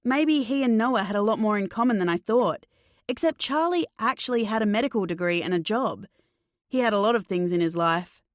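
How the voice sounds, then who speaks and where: A woman narrating a first-person thriller audiobook in a slow, measured, tense way. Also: mid-range voice, lively intonation, no echo, studio quality.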